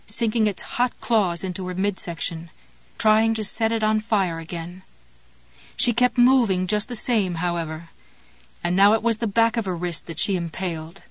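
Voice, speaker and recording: An audiobook narrator with a mid-range voice reads a grim horror novel aloud, her scripted storytelling measured and steady. The recording is dry.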